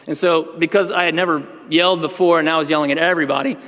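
A man's voice: fairly high pitch, steady tone, quick pace, fairly bright tone, in a large hall. A man pastor giving a sermon, talking conversationally and then building to emphatic outbursts.

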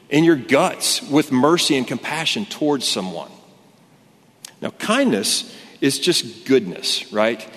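A man's voice: medium pitch, fairly bright tone. A man preaching a sermon to a congregation, conversational and earnest, restarting his sentences often. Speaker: pastor. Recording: long hall reverb.

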